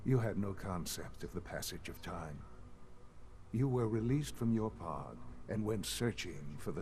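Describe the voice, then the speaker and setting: Father, calm older leader. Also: deep voice, creaky, a little hiss or hum, exaggerated voice. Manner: measured, composed, lecturing. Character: calm aging male leader of a secret science group. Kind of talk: video game dialogue. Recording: game audio with faint music underneath.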